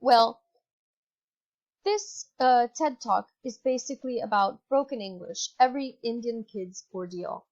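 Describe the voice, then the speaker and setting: A woman's voice: a little high, measured pace, darkish tone. A woman with an Italian accent giving a recorded online English lesson, patient and instructive, with fillers and self-corrections. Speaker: English teacher. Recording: dull lo-fi computer mic.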